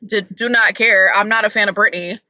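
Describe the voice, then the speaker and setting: A woman's voice: medium pitch, steady tone, a little fast, sharp tone, low-quality recording. A woman vlogging from her car, chatting casually and opinionatedly about celebrity gossip with lots of "like".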